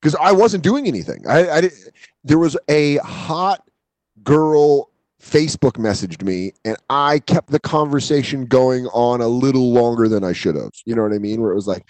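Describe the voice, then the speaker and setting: A man's voice: mid-range voice, moderate pace, a little mellow, dry recording. A man co-hosting a podcast, telling stories in casual chat, swearing freely and acting out quotes in shifting voices. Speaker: podcast co-host.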